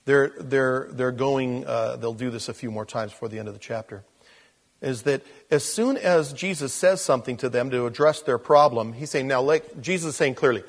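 A man, a pastor, preaching an expository sermon, swinging from loud emphasis to quiet asides. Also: medium pitch, moderate pace, gravelly.

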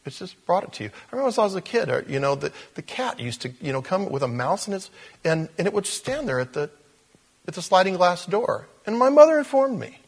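A middle-aged man preaching a Bible study sermon, chatty and joking, slipping into little acted quotes. His voice sits a touch high for a man and has a husky edge. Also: very animated, fairly quick. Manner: conversational and humorous, with acted quotes and laughs. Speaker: pastor.

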